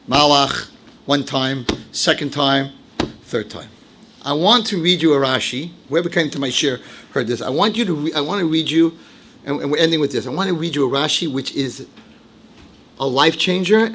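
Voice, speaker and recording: A man giving a sermon as a rabbi, animated, dropping into low asides and rising into shouted, acted-out quotes. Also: slight background noise. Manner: animated, swings from low asides to shouted high-pitched outbursts, acts out quotes. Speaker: rabbi giving a Torah lecture.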